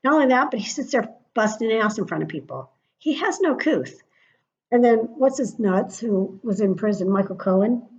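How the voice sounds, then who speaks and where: A woman's voice: mid-range voice, animated, brisk, few pauses, a little mellow. A middle-aged woman ranting on her vlog in a chatty, profane way, often dropping into muttered asides. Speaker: vlogger. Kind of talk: casual political rant. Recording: dull lo-fi sound.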